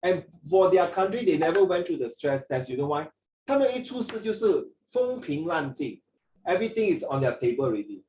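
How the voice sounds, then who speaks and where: A man's voice: on the high side, sing-song, a little fast, a little mellow, roomy sound, far from the mic, slight background noise, rough recording. A man with a Singaporean English accent tutoring children in an online English lesson, rambling with many fillers and restarts. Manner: rambling, frequent fillers and restarts, mixes in Mandarin.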